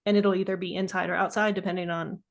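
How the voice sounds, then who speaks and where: A woman's voice: lowish voice, flat delivery, fast talker, creaky. A woman co-hosting a live online quilting lesson, explaining sewing steps with hesitations. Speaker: co-host.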